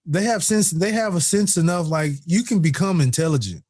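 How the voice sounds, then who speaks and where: A man co-hosting a podcast in casual chat, animated and laughing as he acts out quotes. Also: high voice, a little fast, husky, no room sound, studio quality. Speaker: podcast co-host.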